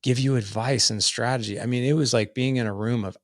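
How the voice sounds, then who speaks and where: Gravelly middle-aged man, earnest guest. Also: mid-range voice, steady tone, a little fast, dry recording, clean studio sound. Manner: earnest, loose and conversational with frequent "like" fillers. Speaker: podcast guest. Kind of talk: casual storytelling in an interview.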